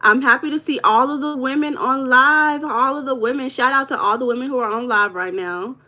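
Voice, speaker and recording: A woman's voice: high-pitched, a little fast, pushed and bright. A woman hosting a live stream, chatting casually and reading viewers' comments aloud with an affectionate manner. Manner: affectionate, calls viewers baby.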